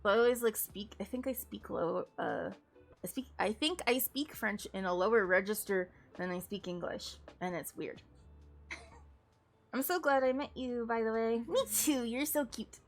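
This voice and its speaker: A woman's voice: fairly high pitch, moderate pace. A woman streaming a game, chatting casually to her viewers in a giggly way and stopping often to correct herself. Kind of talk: casual live-stream chat while playing a game. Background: faint game music.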